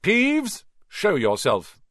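A man's voice: mid-range voice, sing-song, a little fast, a bit bright, dry recording, studio quality. A man voicing a pompous, bossy teenage boy prefect who talks in an officious way. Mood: barking.

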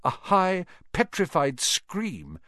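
A man reading a children's story aloud in an animated, expressive manner. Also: sits high, takes it slowly, no room sound, clean studio sound. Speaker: audiobook narrator. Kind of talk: scripted storybook narration.

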